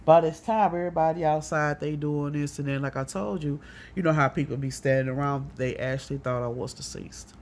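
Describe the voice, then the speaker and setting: A woman telling a rambling personal story in a casual monologue, profane and animated, often acting out what others said. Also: low voice, fairly quick, slight background noise.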